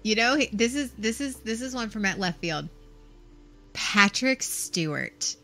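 Woman podcast co-host, bright and forward, casual rambling talker. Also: fairly high pitch, lively intonation, a little fast. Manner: chatty, laughs often, lots of "like". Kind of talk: casual chat.

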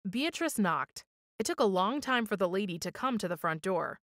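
A woman reading a children's story aloud for storytime, with expressive, measured storytelling. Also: mid-range voice, no room sound, studio quality. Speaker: storytime reader.

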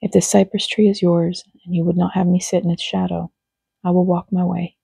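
A reader voicing a calm, loving male teacher in soft, unhurried speech. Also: medium pitch, gravelly, breathy edge, no echo. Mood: tender.

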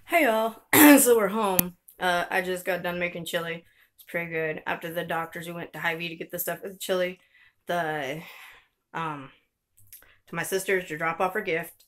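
A woman's voice: lowish voice, fairly even intonation, normal speed. A woman and mother vlogging at home, telling a rambling story to the camera with light laughs. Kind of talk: casual chat to camera.

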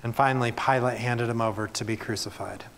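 With a medium pitch, steady tone, vocal fry, and a somewhat bright sound, this male pastor preaches briskly, and a little hiss or hum is audible. He reads scripture aloud and then speaks plainly and earnestly to his church in a sermon.

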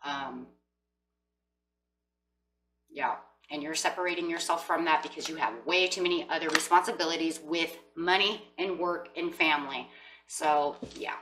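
A woman's voice: low-pitched, moderate pace, pauses often, sharp tone, distant mic, a little hiss or hum, low-quality recording. A woman giving a chatty tarot reading, acting out what people might say. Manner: chatty, acts out quoted voices with emphasis. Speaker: tarot reader.

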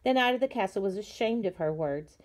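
Woman, storybook reader for a class, warm mellow tone, gentle unhurried delivery. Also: mid-range voice, animated. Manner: gentle, unhurried reading with small slips. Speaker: teacher reading aloud. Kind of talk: storybook read-aloud.

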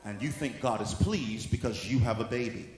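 A male apostle preaching a sermon, moving from soft teaching into shouted exhortation. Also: medium pitch, moderate pace. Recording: echoey hall with faint room noise.

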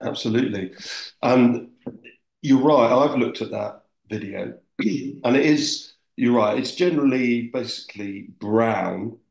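Gravelly-voiced man in an echoey room. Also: medium pitch, unhurried, darkish tone. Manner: chatty, wry asides. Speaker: podcast host. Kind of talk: casual interview chat. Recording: roomy echo.

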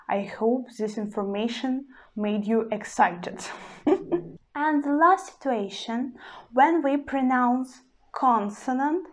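Very slow-speaking woman teaching. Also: fairly high pitch. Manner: slow, deliberate, repeats example words several times; slightly non-native English phrasing. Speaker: language teacher. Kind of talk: slow pronunciation lesson.

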